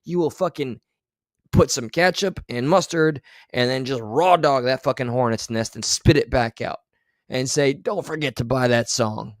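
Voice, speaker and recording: A man with a medium-pitched voice talks at a moderate pace in a dry recording. He's a streamer commenting on clips during a livestream, blunt, sarcastic and swearing a lot.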